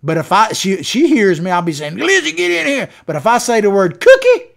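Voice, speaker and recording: A man's voice: high-pitched, huge pitch swings, brisk. A man hosting a political talk show, delivering opinionated commentary in a folksy, sarcastic way. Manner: folksy, sarcastic, mocking impressions.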